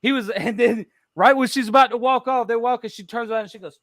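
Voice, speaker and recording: A man's voice: very high-pitched, fast talker, fairly bright tone, no room sound, clean studio sound. A man chatting casually on a podcast, telling stories animatedly and acting out what other people said, often laughing. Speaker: podcast co-host. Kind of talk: casual chat.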